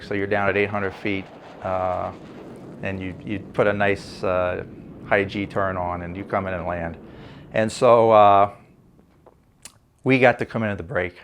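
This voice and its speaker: A former Navy fighter pilot, now an older man, shares an anecdote in a documentary interview, easygoing and peppered with fillers. He speaks with a lowish voice and a clean tone.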